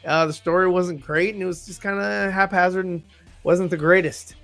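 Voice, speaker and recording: A man's voice: high voice, fairly even intonation, normal speed, a bit bright, soft background music. A man co-hosting a casual nerd podcast, joking, laughing often and swearing casually. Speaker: podcast co-host. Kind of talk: casual chat.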